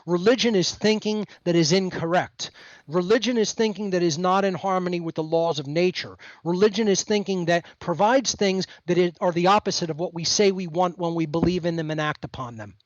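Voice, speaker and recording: A man's voice: sits high, a little fast, no room sound, dull audio. A man as the guest on a podcast, talking in an emphatic, lecturing way over a remote call. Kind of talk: podcast conversation.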